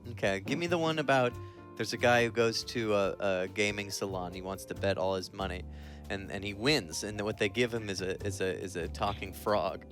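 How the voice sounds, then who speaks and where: A man telling rambling, absurd jokes on a stream in a deadpan, tangent-prone way. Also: on the low side, fairly quick, soft background music. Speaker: stream host. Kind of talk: absurd improvised joke telling.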